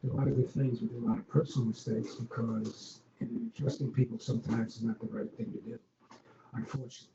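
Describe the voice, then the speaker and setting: With a creaky, medium-pitched voice, this older Long Island, New York guest talks quickly yet steadily about his past as an arena executive. His casual interview stories ramble, broken by ums and restarts. Faint noise runs through the dull, roomy podcast recording.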